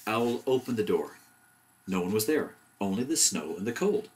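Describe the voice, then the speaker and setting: A man reading a bedtime story aloud in a gentle, even storyteller manner. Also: fairly low pitch, moderate pace.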